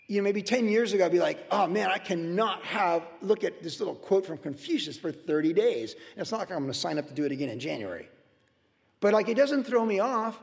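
A man's voice: high-pitched, vocal fry, darkish tone, in a large hall. A man preaching a verse-by-verse sermon in a conversational way, full of personal stories and restarts. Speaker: pastor.

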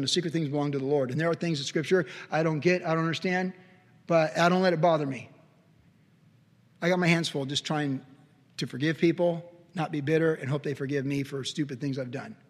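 A man with a notably high voice preaches a sermon, driving his points home and then dropping to a hush. His words ring out with a long reverb, as if he stands in a big hall. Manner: emphatic preaching with sudden swings between loud and soft. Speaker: pastor.

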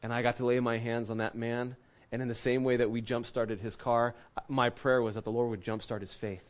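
Briskly and with little pitch movement, a man with a mid-range voice preaches a sermon in lo-fi sound. As a pastor, he tells a personal story in a chatty, conversational way, acting out its quotes.

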